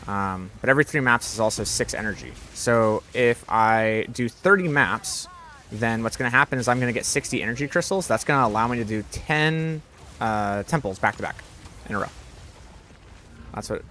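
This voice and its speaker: A man's voice: medium pitch, moderate pace, pushed and bright, slight background noise. A young man live-streaming a game, chatting casually with his viewers, rambling and swearing often.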